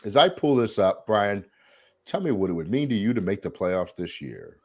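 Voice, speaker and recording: A man's voice: on the low side, moderate pace, slightly rough. A man hosting a sports podcast, opening with showman hype and then chatting casually. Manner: hype showman intro, animated. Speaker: podcast host.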